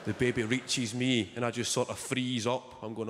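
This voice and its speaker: A man's voice: medium pitch, little pitch movement, normal speed, heavy background noise. A young man doing stand-up comedy on stage, with dry, sardonic storytelling. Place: theatre stage before a live audience. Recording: large hall with loud audience laughter.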